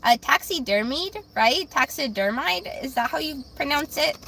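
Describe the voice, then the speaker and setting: Young female tarot streamer, casual and self-deprecating, bright tone. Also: high-pitched, fairly quick, slight background noise. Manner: rambling, self-deprecating, stumbles over words. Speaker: livestream tarot reader. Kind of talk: casual livestream chat reading comments.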